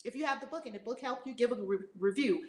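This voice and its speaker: A woman's voice: a little high, fast talker, reverberant. A woman teaching as a spiritual reverend in a fiery, preaching manner, blunt and emphatic, swearing and repeating lines for effect.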